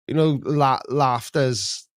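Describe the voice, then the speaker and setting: A man's voice: mid-range voice, slow pace, no echo. Middle-aged male streamer, rambling chatty host, dry close sound. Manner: rambling, chatty, chuckles at his own jokes. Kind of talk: casual live-stream chat.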